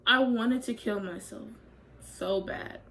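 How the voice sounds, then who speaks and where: A woman's voice: a little high, slow, creaky, a bit bright, low-quality recording. A young adult woman speaking in a candid, confessional way as she tells a personal story to her vlog audience. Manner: candid, confessional, casual chat. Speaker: vlogger.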